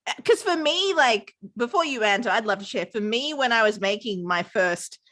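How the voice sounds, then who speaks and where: A woman's voice: fairly high pitch, lively intonation, normal speed, bright, forceful tone. A woman, a podcast company founder, talking things through with an interviewer in a reflective, affirming way. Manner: affirming, reflective, talks with lots of "like". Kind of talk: conversational interview.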